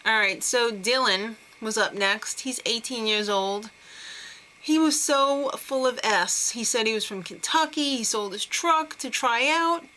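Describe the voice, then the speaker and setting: A woman's voice: a little high, unhurried, pushed and bright, slight background noise, low-quality recording. A young woman recapping a TV talent show in a casual, chatty and sarcastic way. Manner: chatty, sarcastic, giggly asides.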